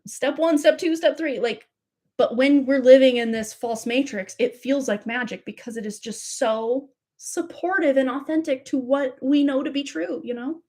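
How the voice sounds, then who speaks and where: A woman's voice: sits high, moderate pace, dark tone. A woman reading tarot cards on a livestream, effusive and gushing, full of spiritual talk and filler words. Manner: effusive, breathless, spiritual, many likes and fillers. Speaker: tarot reader hosting a livestream.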